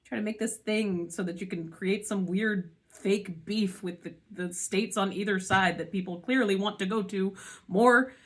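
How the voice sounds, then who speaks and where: A woman's voice: medium pitch, moderate pace. A woman venting her frustration in a monologue, swearing often and sighing between thoughts. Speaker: spiritual channel host. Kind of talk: emotional monologue vent.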